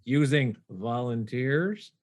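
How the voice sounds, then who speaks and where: Man, podcast co-host, mid-pitched voice, casual chat, wry, reasons things out. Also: animated, slow, a little mellow.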